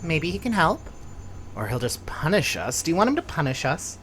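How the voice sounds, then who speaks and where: A woman reads out a nervous young boy who rambles and frets about a missing friend. The voice sits very low for a woman but moves a lot in pitch. The telling tumbles out in worried bits. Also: big pitch swings, moderate pace, a little hiss or hum. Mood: anxious. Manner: anxious, rambling. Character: worried young boy, one of a group of kids.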